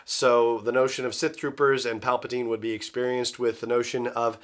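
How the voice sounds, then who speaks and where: A male podcast host talks through his ideas alone at a middle pitch. He muses and speculates in a loose, conversational way, leaning on casual fillers as he goes. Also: level tone, normal speed. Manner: musing, speculative, many "you know" fillers. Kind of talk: solo podcast commentary.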